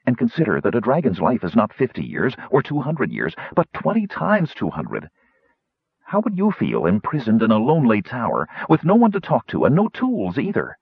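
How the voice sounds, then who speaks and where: Man doing a fiery woman warrior, forceful, persuasive, husky, dull lo-fi sound. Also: medium pitch, wildly swooping pitch, normal speed, no echo, voice pushed up, heavily acted.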